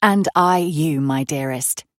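A woman voicing a devoted young German-born man who speaks to his love softly and reassuringly. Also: low voice, slow pace, no room sound, studio quality. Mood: tender. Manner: soft, reassuring, affectionate.

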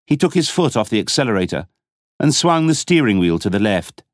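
A male audiobook narrator reading a thriller with dramatic expression and a lively, moving pitch. His voice sits at a middle height, recorded dry and close with no room sound. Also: brisk, dry recording. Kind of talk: scripted narration.

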